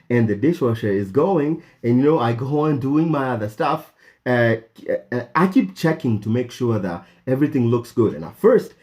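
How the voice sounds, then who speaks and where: Kenyan guy storytelling on his vlog, mellow warm voice, lots of "you know" and restarts, goes real high when quoting himself. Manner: many fillers and restarts. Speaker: vlogger.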